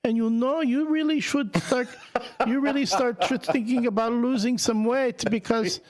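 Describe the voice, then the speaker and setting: A woman's voice: fairly high pitch, normal speed, a crowd in the background, voice pushed up, natural voice, poor audio. A man voicing his older mother nagging him about his weight, in a put-on Puerto Rican accent. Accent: attempted Puerto Rican accent. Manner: fussy, well-meaning nagging.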